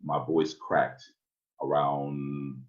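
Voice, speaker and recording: A man with a natural bass voice telling stories in a laid-back, self-mocking way as a guest on a podcast. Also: level tone, extremely slow, phone-quality sound. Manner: laid-back storytelling, laughs at himself. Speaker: guest poet. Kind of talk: casual podcast chat.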